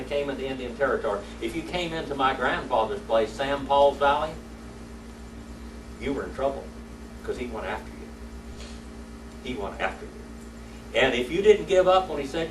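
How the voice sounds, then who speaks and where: A man's voice: medium pitch, slight background noise. Folksy male Bible teacher, echoey room. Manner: folksy storytelling, asks the class questions. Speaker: Sunday School teacher. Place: church classroom. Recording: echoey room, mic far off.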